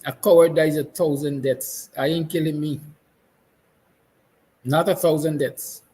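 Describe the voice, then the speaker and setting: A man's voice: a little high, fairly even intonation, a little slow, poor audio. A Guyanese man hosting a morning talk show, delivering an impassioned monologue with emphatic repetition, at times close to tears. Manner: fiery, emphatic, repeats lines; soft, tender passages. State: emotional, near tears. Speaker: host.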